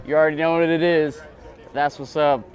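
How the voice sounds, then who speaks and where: A man in his thirties from Hawaii drops a casual, playful shout-out to the camera. He takes his time, drawing out phrases, in a slightly high voice. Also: fairly even intonation. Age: 30s. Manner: laid-back, playful, drawn-out phrasing. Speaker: festival visitor. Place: outdoor festival booth.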